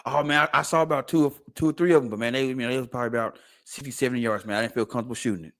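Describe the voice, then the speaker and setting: A man's voice: medium pitch, steady tone, very fast, fairly bright tone. A man, cracking jokes and laughing in casual chat as a podcast co-host. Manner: laughing, joking asides.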